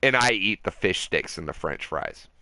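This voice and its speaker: A man's voice: low-pitched, animated, normal speed, sharp tone, no echo. A man ranting with profanity and passion while livestreaming a game from inside a camper, talking into a desk mic. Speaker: livestreaming gamer. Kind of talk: ranting live gaming commentary. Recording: noisy home stream audio.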